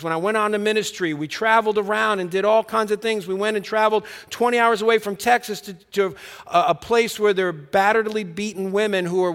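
A man with a high voice preaching a sermon, telling his own story and acting out the dialogue. He turns earnest and drops quiet on the words that matter. His voice rings with the long reverb of a big hall. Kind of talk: sermon with personal testimony.

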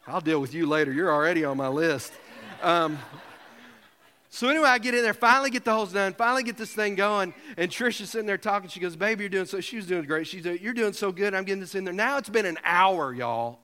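Pastor guy preaching, funny self-mocking story, high voice, long echoey church reverb. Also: bright, forceful tone. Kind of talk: sermon. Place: church sanctuary.

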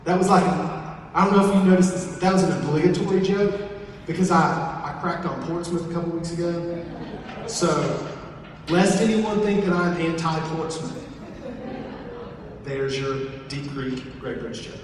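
A man's voice: fairly high pitch, moderate pace, long pauses, noisy background. A man from southern West Virginia with an Appalachian accent, preaching a sermon in a folksy way with joking asides. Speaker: pastor. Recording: echoey hall, from far off.

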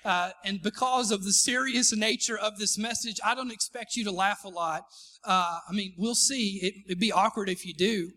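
High, bright-voiced male preacher. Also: steady tone, moderate pace. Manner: joking, calls for responses from the congregation; self-deprecating humor. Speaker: pastor. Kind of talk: live sermon. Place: church sanctuary before a congregation.

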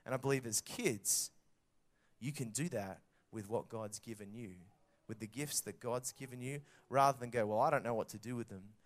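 A man in his thirties with an Australian accent, preaching a sermon and telling stories with lively acted-out quotes. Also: mid-range voice, normal speed. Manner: animated storytelling with acted-out quotes. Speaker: pastor.

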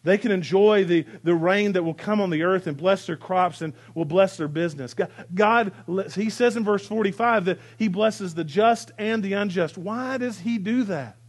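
A male pastor preaching a sermon in a church, swinging between emphatic lines and soft, hushed repetitions. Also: high-pitched, normal speed, hardly any pauses. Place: church sanctuary.

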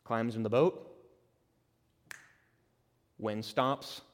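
Preacher in an echoing hall. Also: male voice, medium pitch, fairly even intonation, very slow. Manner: conversational, dramatic, builds to loud emphatic peaks. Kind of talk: expository sermon. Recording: long reverb of a large hall.

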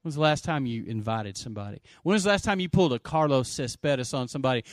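Animated pastor preaching a sermon. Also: male voice, medium pitch, fast, few pauses, no room sound, studio quality. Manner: animated, swings from loud to hushed, calls for amens. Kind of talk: energetic sermon. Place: church sanctuary.

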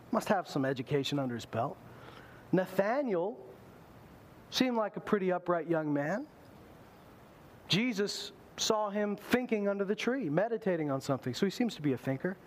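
High-voiced animated male preacher. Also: a little hiss or hum. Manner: animated, acts out quoted voices. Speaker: pastor. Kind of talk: sermon.

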